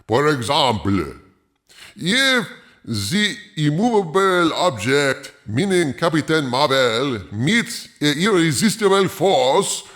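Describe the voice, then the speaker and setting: A pompous French film critic with a wildly exaggerated accent, as a man hams it up. He drawls each phrase slowly, and his pitch leaps and swoops theatrically. He chuckles to himself as he muses. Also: big pitch swings, a bit bright, full character voice. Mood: absurd musing. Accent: exaggerated fake French. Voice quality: over-the-top accent, drawn-out delivery, chuckling asides. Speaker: host. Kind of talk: comedic character monologue.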